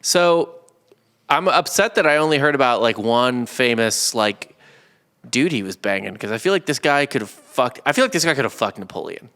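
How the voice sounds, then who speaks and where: A man riffs crudely through casual podcast banter. His voice sits at a middle pitch and often drops to a mumble at the ends of lines. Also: animated, normal speed, fairly bright tone. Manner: crude, joking, trails off into mumbles. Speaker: podcast co-host. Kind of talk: casual comedic chat.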